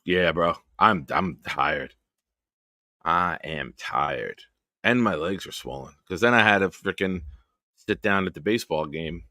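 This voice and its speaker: A man's voice: sits low, lively intonation, a little slow, sharp tone, dry recording, clean studio sound. A man hosting a football fan livestream from his basement, rambling and swearing casually. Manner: rambling and profane. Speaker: host of a football fan show. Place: home basement.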